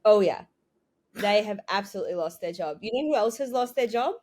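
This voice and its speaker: Young woman, casual chat, wry jokes, medium-pitched voice. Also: lively intonation, brisk, darkish tone. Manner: wry, joking, fond of comic asides. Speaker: podcast co-host.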